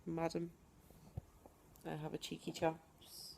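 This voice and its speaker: Gravelly-voiced woman speaking defiantly. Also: on the low side, steady tone, darkish tone, slight background noise. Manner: emphatic and defiant, with deliberate pauses. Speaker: vlogger. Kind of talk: personal video diary.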